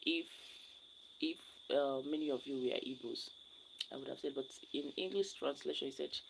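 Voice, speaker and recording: Gravelly low-voiced Nigerian woman chatting. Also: normal speed, background noise. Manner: rambling, repeats her words. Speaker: live-stream host. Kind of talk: casual chat with viewers.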